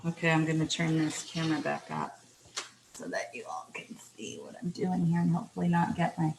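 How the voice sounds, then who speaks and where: A woman's voice: low voice, brisk, gravelly, roomy sound, background noise. A middle-aged Canadian woman hosting a casual cooking show from her kitchen, chatty and self-deprecating, apologizing often as she works. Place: home kitchen.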